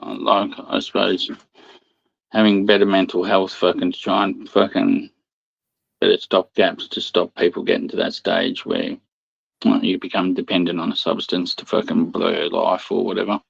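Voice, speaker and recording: Gravelly low man, halting and sweary. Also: flat delivery, dry recording, muffled recording. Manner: halting, sweary, laughs often. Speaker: guest. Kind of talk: casual chat.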